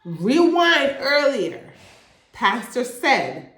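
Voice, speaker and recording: A woman talks through a TV episode in a casual recap. Her pitch rises and falls a great deal as she tells it, and she sounds as if she is in a room with noticeable echo. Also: unhurried. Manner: animated, acts out characters' lines in quotes. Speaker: YouTube show reviewer.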